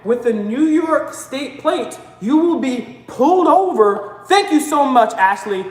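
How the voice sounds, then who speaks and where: A woman co-hosting a live stream, delivering a fiery political rant with frequent shouting. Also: high voice, lively intonation, slow pace. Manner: fiery, ranting, often shouting. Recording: echoey room with long reverb.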